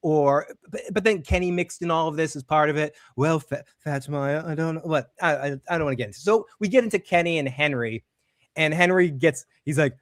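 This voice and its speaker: Man, casual TV recap chat, excitable, acts out lines, slightly high voice, dry sound. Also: fairly quick, dry recording. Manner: excitable, acts out characters' lines, laughs often. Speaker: podcast co-host.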